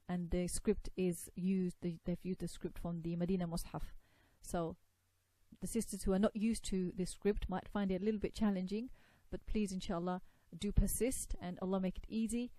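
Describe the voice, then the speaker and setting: A woman's voice: fairly low pitch, mellow, no echo. Patient woman teaching Arabic letter sounds. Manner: patient, repeats sounds slowly for learners to copy. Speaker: Quran recitation teacher. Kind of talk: tajweed lesson, modeling letter sounds.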